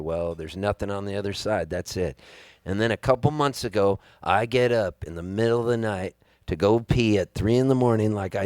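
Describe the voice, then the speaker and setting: A man in his fifties telling a long comic story live on stage, animated and rambling with wry timing. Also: on the low side, dry recording, clean studio sound. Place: live music venue on stage.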